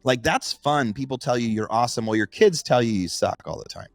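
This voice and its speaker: A man's voice: medium pitch, animated, fairly quick, dry recording. A middle-aged man co-hosting a podcast, chatting casually and telling anecdotes with acted-out quotes. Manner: storytelling, acts out quoted voices. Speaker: podcast co-host. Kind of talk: casual chat.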